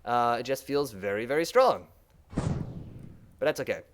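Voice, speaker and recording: A man streaming a game, chatting casually and thinking out loud as he plays. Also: mid-range voice, expressive, measured pace, noisy background. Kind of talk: let's play commentary.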